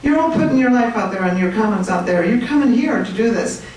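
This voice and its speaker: A woman giving an animated, chatty talk to a room of people, joking with her audience. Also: fairly high pitch, fast talker. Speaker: speaker at a political meetup. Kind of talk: lively speech to a crowd. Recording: echoey room, mic at a distance.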